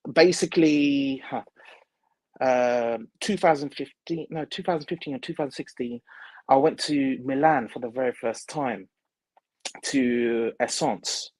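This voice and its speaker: A man, a perfumer, telling a story in an interview, halting with many fillers and restarts. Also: mid-range voice, a little mellow, dry recording, poor audio.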